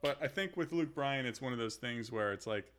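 A man from the American South co-hosting a casual podcast, with a relaxed, conversational way of talking. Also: medium pitch, brisk. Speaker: podcast co-host.

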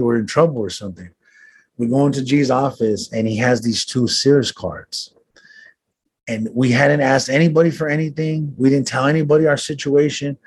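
Man, husky voice, interview guest, earnest storytelling, casual slang, many restarts. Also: medium pitch, darkish tone. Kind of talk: personal storytelling.

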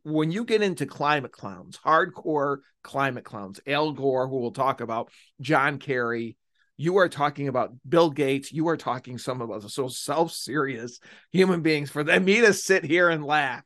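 A man's voice: on the high side, lively intonation, measured pace, fairly bright tone, no echo. Mocking, emphatic man, a podcast host. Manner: mocking, emphatic, drags out key phrases. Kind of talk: solo political podcast commentary.

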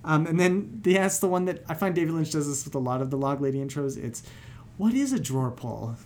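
A woman's voice: low-pitched, level tone, fast talker, a little mellow, a little hiss or hum. A woman co-hosting a podcast, chatting casually and joking around. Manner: joking, playful, trails off. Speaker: podcast co-host. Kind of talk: casual chat.

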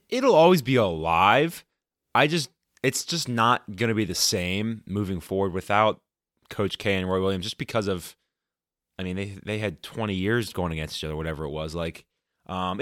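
Very deep-voiced man, dry sound. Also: a bit bright, no room sound. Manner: rambling, repeats words while thinking. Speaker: sports podcast co-host. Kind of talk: casual sports talk.

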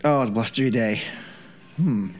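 A man's voice: mid-range voice, normal speed, soft background music. A man co-hosting a podcast, chatting casually during a guessing game and thinking aloud with lots of fillers. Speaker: podcast co-host.

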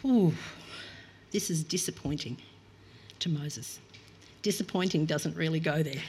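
A woman's voice: sits low, normal speed, darkish tone, slight background noise. A middle-aged woman preaching a reflective, earnest sermon and reading scripture aloud.

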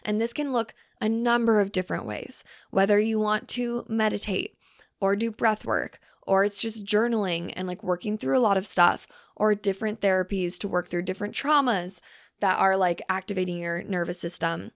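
Casual young woman with a gravelly edge. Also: medium pitch, steady tone, normal speed, no room sound, studio quality. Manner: loose, filler-heavy, swearing, softly emphatic. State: hungry from fasting. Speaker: podcast host. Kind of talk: casual solo podcast talk.

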